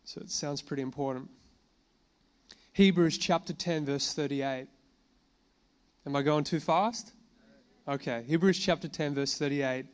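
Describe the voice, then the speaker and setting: A man preaching to a congregation, reading scripture slowly and then explaining it in a relaxed conversational way, with fillers and questions to the room. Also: on the high side, smooth. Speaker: pastor. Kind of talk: sermon. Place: church gathering addressing a congregation.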